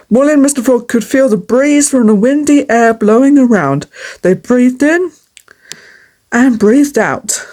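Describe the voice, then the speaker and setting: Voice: mid-range voice, animated, unhurried, a little mellow. A reader reading a storybook aloud with earnest, plain phrasing.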